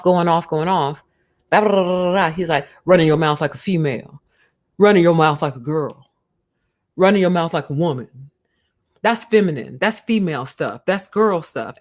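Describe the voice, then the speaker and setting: A woman streamer giving casual spiritual commentary in an emphatic, conversational way. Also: mid-range voice.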